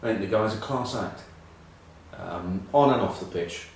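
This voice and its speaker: A man's voice: lowish voice, a little slow, creaky, heavy reverb, recorded from a distance, slight background noise, low-quality recording. A middle-aged English man telling rambling, self-mocking rugby stories in casual chat. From England. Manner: rambling, self-mocking anecdotes with many ums. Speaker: rugby pundit.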